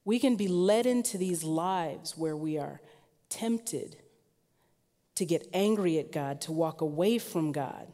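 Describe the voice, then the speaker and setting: Woman preacher, lower-pitched voice, animated sermon delivery, long hall reverb. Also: takes it slowly. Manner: lively storytelling, rising in pitch and force when emphatic.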